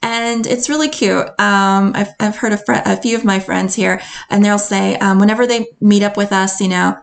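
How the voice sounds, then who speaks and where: A woman's voice: mid-range voice, steady tone, normal speed, gravelly, few pauses. An American woman from North Carolina, a confidence coach hosting a solo podcast, talking in an upbeat, enthusiastic way and laughing often. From North Carolina, USA.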